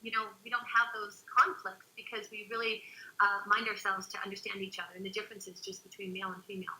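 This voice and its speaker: A woman co-hosting a relationship webinar, speaking earnestly and reflectively, at times softly. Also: medium pitch, level tone, fast, echoey room, slight background noise, low-quality recording. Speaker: co-host. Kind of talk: webinar talk.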